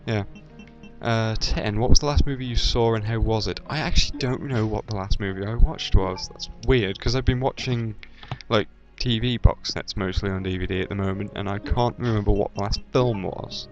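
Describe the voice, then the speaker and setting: Dull lo-fi audio with faint game music in the background captures a young Midlands-born British let's-player, his accent generic British with a hint of Midlands. His voice is lowish and steady at normal speed, and he rambles hesitantly through a casual video chat with lots of ums and self-corrections.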